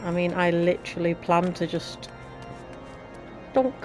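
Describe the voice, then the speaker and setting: A woman's voice: lowish voice, little pitch movement, measured pace, over music, low-quality recording. Chatty Yorkshire woman gaming. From Yorkshire, England. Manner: chatty and rambling, with restarts and British slang. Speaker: let's play gamer. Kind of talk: casual gameplay commentary.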